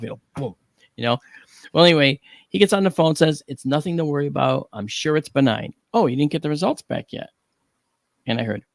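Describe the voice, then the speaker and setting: A middle-aged man on a talk panel, telling a story with animated, acted-out dialogue and frequent 'okay?' check-ins. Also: fairly high pitch, creaky, dry recording, studio quality. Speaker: panel guest.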